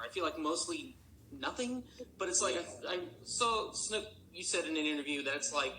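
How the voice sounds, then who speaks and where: A man's voice: on the high side, sharp tone, a little hiss or hum, low-quality recording. A man talking casually on a panel, rambling with many fillers. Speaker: actor on a panel.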